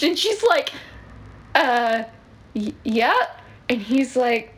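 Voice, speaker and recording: A woman co-hosting a casual chat about writing prompts, animated as she retells movie scenes and acts out the dialogue. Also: high-pitched, measured pace, pauses often. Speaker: podcast co-host. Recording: faint background noise.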